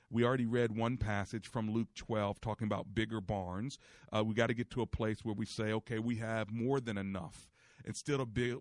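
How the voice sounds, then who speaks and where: A man hosting a faith-based call-in radio show speaks in an emphatic, preachy manner. His voice sits at a middle pitch. It is recorded dry and close, with no room echo. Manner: preachy, emphatic, quotes scripture.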